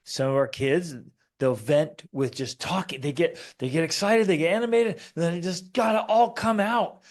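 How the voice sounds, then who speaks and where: Animated man co-hosting a family podcast. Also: a little high, moderate pace. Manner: animated storytelling, acts out quotes in raised voices. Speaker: podcast co-host. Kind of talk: casual conversational teaching.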